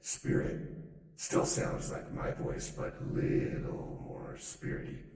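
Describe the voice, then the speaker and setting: A man speaking through a voice changer spirit filter, in a breathy, hushed voice. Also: slow, slight background noise. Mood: eerie. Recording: heavy echo, distant reverb filter.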